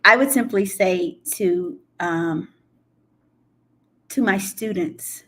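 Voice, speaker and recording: A middle-aged woman hosting a casual talk show, gently prompting students and reflecting on her legacy. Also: mid-range voice, slow pace, slightly rough. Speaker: program director and host.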